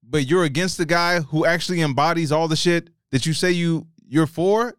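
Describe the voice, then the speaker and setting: Guy cohosting a podcast, swears a lot, keeps restarting, kinda high voice, dry sound. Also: normal speed, clean tone, no room sound. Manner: profane, animated, emphatic with frequent restarts. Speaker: podcast co-host. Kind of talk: casual chat.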